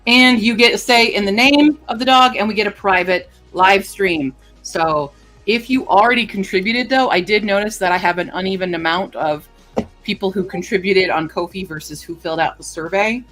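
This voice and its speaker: A woman livestreamer chatting casually with her viewers, rambling and filling pauses with lots of ums and uhs. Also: mid-range voice, a bit bright, faint music behind. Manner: chatty and rambling, with many fillers. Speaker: livestreamer greeting chat. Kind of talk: casual live-stream chat.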